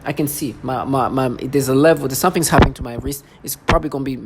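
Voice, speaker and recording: A vlogger in an intense, repetitive personal monologue who keeps mimicking other people in a lower voice. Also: quick pace, heavy background noise.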